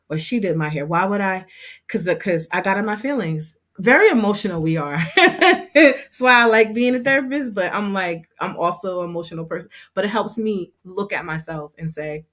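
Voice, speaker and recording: A woman hosting a casual livestream, talking in a chatty, heartfelt and expressive way as a hair program instructor. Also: lowish voice.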